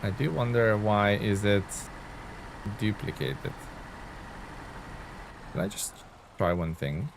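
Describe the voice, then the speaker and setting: A man's fairly low, creaky voice carries live commentary as he streams a truck game, speaking expressively at a slow pace with long pauses. Chatty and casual, he greets and thanks his viewers while playing. A little hiss or hum sits in the recording.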